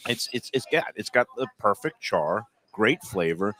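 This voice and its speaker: A man's voice: on the low side, very animated, normal speed, sharp tone. A middle-aged man hosting a casual food show, enthusiastic and savoring each dish as he tastes it. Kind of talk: casual food tasting chat.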